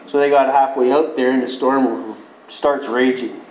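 A man's voice: medium pitch, steady tone, unhurried, a little mellow. A man preaching a sermon, retelling scripture in a folksy, conversational storytelling way. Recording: echoey room.

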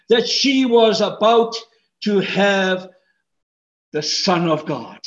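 A man preaching a sermon as pastor, swinging between loud emphatic peaks and hushed asides. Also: high voice, lively intonation, slow, pauses often, reverberant, highs cut off.

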